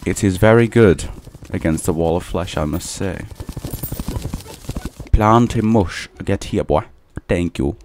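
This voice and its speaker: Slow, low-voiced young male gamer. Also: a little mellow, slight background noise. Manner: playful, talks to game enemies in a teasing voice. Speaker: gaming channel host. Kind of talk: casual let's play commentary.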